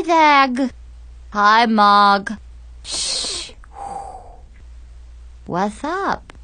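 A woman voicing a teenage girl who talks through a snorkel mask with a heavy lisp and loud hissing breaths between words, like a movie villain's breathing. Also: low-pitched, pitched below the performer's own voice. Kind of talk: audiobook character voice.

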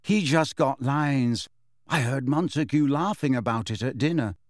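A man reading aloud, voicing a miserable younger teenage girl in a plain, slow way. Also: mid-range voice, no echo, studio quality, close to an everyday voice.

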